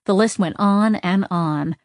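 A woman narrating an audiobook at a middling pitch. She tells the story in a steady, even way, and the recording is dry and close, with no room sound. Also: unhurried, dry recording.

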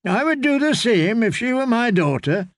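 A man's voice: very high voice, very animated, normal speed, no echo, pitched above the performer's own voice. A man playing a short, wiry knight with a wry, joking manner.

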